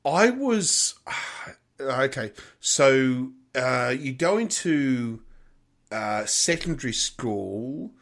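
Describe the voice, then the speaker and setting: A man, co-hosting a casual cocktail podcast, talking in halting bursts with restarts and some swearing. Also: mid-range voice, very animated, creaky, a bit bright. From Australia. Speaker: podcast co-host. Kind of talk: casual chat over cocktails.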